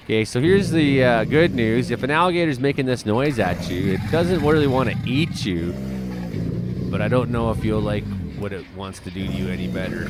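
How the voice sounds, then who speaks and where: A man, hosting a weather show and giving casual commentary on video clips with jokey asides and excited outbursts. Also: medium pitch, a little fast, very noisy. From Canada. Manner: chatty, exclaiming, jokey asides.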